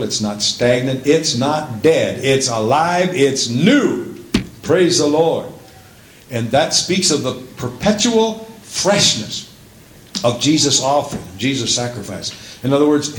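A man preaching a sermon at a middle pitch, dropping in hallelujahs and praise as he goes and climbing into full shouts. The sound carries the long echo of a church hall. A faint hum of ambience sits underneath. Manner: preaching, rising to shouts at climaxes; interjects praise and hallelujahs often. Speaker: pastor.

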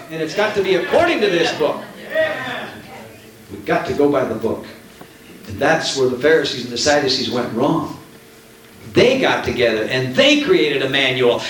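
A man's voice: a little high, fairly bright tone. A man preaching a Pentecostal sermon from the platform to his congregation, fervent and full of emphatic repetition. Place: church. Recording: very echoey church hall, mic at a distance, faint noise.

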